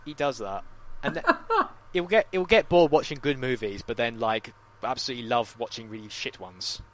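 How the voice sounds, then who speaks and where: Bright-voiced man telling animated stories. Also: medium pitch, normal speed, slight background noise. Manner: animated storyteller, swears, mimics others. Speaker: podcast co-host. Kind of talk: casual chat.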